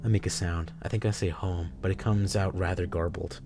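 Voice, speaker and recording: Low-voiced man reading a story game. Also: brisk, few pauses, faint music behind. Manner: swears freely and breaks off into loud, excited reactions. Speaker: streamer.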